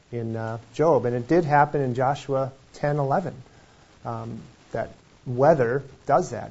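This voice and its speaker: A man's voice: fairly high pitch, darkish tone, slightly rough. A man leading an informal Bible study, talking conversationally with rambling asides and self-deprecating jokes. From Wisconsin. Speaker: preacher. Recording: slightly dull lo-fi sound.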